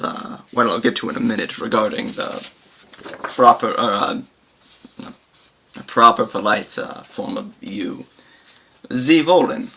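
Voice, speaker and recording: A man teaching a language lesson on video, halting with many fillers and repeating example sentences slowly. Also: mid-range voice, gravelly, pushed and bright, slight background noise, low-quality recording. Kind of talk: informal recorded lesson.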